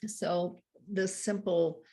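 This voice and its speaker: A woman coaching couples on handling conflict, explaining earnestly with soft laughs. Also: fairly low pitch, steady tone, very slow, breathy edge. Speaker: relationship coach. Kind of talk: teaching a couples workshop talk.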